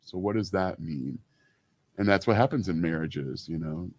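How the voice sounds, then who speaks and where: A man's voice: deep voice, moderate pace, a little mellow. A man in his fifties co-hosting a casual talk show, telling stories with many "you know" fillers. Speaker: co-host. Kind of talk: casual radio-style chat.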